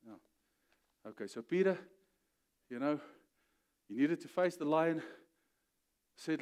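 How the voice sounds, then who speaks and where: A man preaching a sermon as pastor, telling the story with animated, acted-out voices, often checking in with "okay?" and building to emphatic peaks. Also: a little high, slow pace, long pauses.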